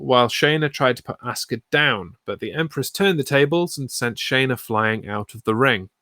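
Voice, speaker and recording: This UK man co-hosts a laid-back wrestling podcast, recapping matches and then riffing with jokes. His voice sits at a medium pitch with a fairly bright tone, recorded in clean studio quality with no echo.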